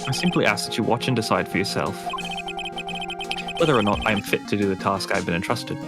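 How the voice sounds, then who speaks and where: A streamer voicing a formal, measured male prosecutor in a fan dub of a game. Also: sits low, loud music behind the voice, voice pushed down. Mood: solemn. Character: calm, stiff male prosecutor.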